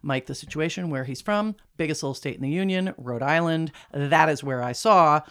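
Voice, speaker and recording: A woman's voice: low-pitched, normal speed, a bit bright. A woman in her forties, co-hosting a podcast in casual chat and telling stories with chatty asides. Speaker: podcast co-host.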